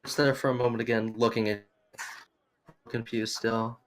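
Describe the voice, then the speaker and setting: A man's voice: mid-range voice, flat delivery, moderate pace, a little hiss or hum. Casual man narrating as game master.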